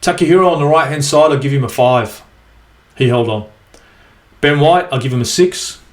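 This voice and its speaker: A man's voice: medium pitch, moderate pace, echoey room. An Australian man ranting angrily as a football fan vlogger in a profane, exasperated match review. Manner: angry, sweary, exasperated.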